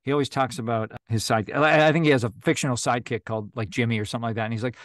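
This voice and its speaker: A man's voice: mid-range voice, steady tone, fast talker, hardly any pauses, dry recording, clean studio sound. A man who narrates audiobooks, chatting casually as a video call guest, with lots of fillers and restarts. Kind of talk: casual interview chat.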